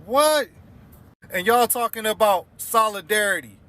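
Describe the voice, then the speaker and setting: A man's voice: high voice, animated, measured pace, heavy background noise. A man giving indignant opinion commentary and firing off rhetorical questions. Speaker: commentator reacting to clips.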